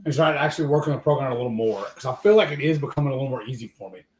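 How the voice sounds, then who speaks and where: A man hosting a casual live stream chat. He talks haltingly, with many fillers. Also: mid-range voice, lively intonation. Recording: roomy echo, faint noise.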